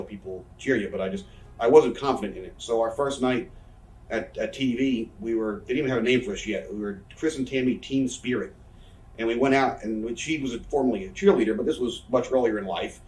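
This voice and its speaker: A man's voice: lowish voice, a little mellow. A man in his thirties telling rambling, profane, self-mocking stories as an interview guest. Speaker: interviewee, professional wrestler. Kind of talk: casual storytelling interview. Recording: roomy room, mic set far off.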